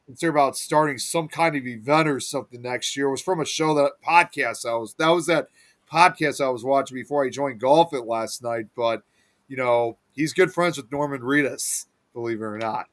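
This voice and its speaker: A man's voice: medium pitch, moderate pace. A man in a casual film podcast chat, chatty and wandering off on tangents. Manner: chatty, digressive.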